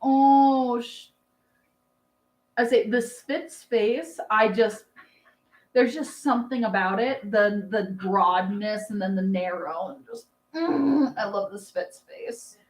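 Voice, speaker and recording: A woman's voice: medium pitch, slow, reverberant. A woman in her thirties chatting casually on a livestream, rambling with fillers and laughs, doting on her dog. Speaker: livestream host.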